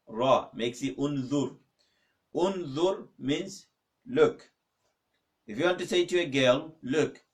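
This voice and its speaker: A man teaching an online Arabic lesson from a mosque, slowly repeating words and asking viewers to write in the comments. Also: medium pitch. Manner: slow, repetitive drilling, asks for comments.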